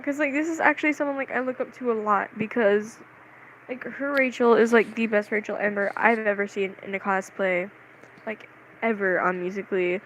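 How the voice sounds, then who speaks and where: A young vlogger chatting casually to the camera, rambling and excitable, with lots of "like"s and giggles. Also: mid-range voice, brisk, slight background noise, rough recording. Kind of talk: casual vlog chat.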